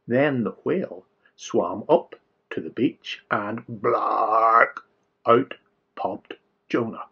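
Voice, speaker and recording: Male kids' storyteller, playful and exaggerated. Husky, lively pitch. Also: takes it slowly, muffled recording. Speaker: children's storyteller. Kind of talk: storytelling for children.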